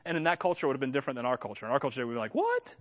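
A man preaching a sermon to his congregation, animated and full of joking asides. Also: medium pitch, rapid-fire. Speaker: pastor.

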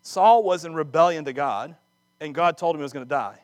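A man preaching a sermon, acting out scripture dramatically with laughs and quick asides. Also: on the high side, no echo. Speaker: pastor.

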